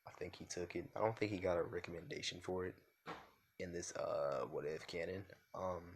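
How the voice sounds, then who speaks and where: A man's voice: low-pitched, normal speed, breathy edge. A young man making a video, loosely improvising a fan-fiction story at home in slangy talk full of fillers. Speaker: YouTuber.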